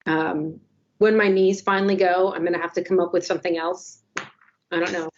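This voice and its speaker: A woman in her forties co-hosting a casual podcast chat, telling stories with wry, self-deprecating humor and quick asides. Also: fairly low pitch, level tone, a little hiss or hum. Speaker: newspaper podcast co-host. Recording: slightly dull lo-fi audio.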